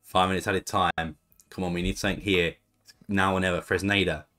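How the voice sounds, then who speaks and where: A man's voice: sits low, fairly even intonation, fairly quick, bright, forceful tone, soft background music. A young man chatting casually as he comments on his own football management game, reacting to each move as it plays. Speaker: gaming YouTuber.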